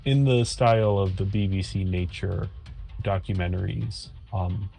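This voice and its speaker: A man with a lowish voice talks casually in an easygoing way, pausing often with ums. Faint music plays under the recording. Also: fairly even intonation, vocal fry, dark tone. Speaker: co-host. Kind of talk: casual chat.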